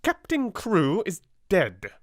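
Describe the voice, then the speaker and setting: A fierce, bitter British headmistress barks orders in a voice pushed high and sharp, as a man acts her out. She is harsh and commanding, her pitch leaping on every angry demand. The recording is dry and close. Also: wildly swooping pitch, slow, no room sound, full character voice. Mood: furious. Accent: British English.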